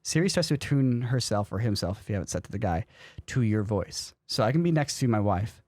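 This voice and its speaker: A young man co-hosting a podcast, chatting casually and explaining things with quick examples. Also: on the low side, animated, darkish tone, dry recording, studio quality. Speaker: podcast co-host. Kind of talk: casual chat. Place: podcast studio.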